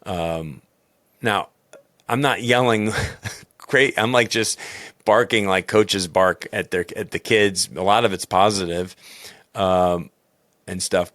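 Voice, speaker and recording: A man, a baseball coach and podcast host, talking candidly and in a rambling, self-critical way in a loud booming voice. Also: dry recording, clean studio sound. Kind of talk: personal reflective podcast talk.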